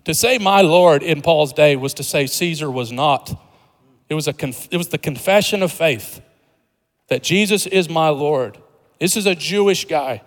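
A man's voice: on the high side, measured pace. Man preaching in a reverberant hall. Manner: conversational preaching with humor, building to emphatic rises. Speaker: pastor. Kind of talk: sermon.

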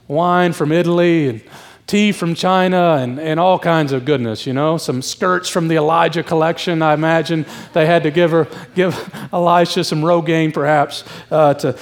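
A man's voice: a little high, steady tone, moderate pace. A middle-aged man preaching a sermon, out of breath, talking in a conversational and emphatic way and acting out the people in the story. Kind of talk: expository sermon.

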